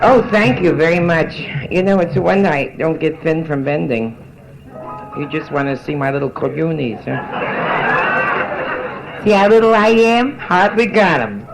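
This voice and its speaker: A woman's voice: low-pitched, animated, measured pace, over music. An older woman doing bawdy nightclub stand-up, teasing and bantering with the crowd in a brassy way. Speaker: stand-up comedian. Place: nightclub stage. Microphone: handheld steel mic. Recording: roomy live club recording with audience.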